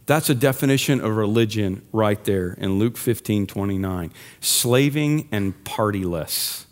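A man's voice: lowish voice, expressive, unhurried. A man preaching a conversational, humorous sermon as pastor, asking the congregation questions and driving home points with emphatic rising peaks.

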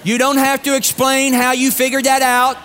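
A man's voice: very high-pitched, completely flat delivery, moderate pace, pushed and bright, slight background noise. A man preaching a sermon to his congregation in a conversational, humorous storytelling way. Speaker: pastor. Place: church sanctuary with congregation.

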